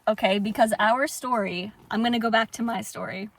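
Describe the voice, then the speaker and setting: A young woman in an impassioned personal monologue, swearing fiercely, swinging between shouting and hushed calm. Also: a little high, a little fast. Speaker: spiritual vlogger.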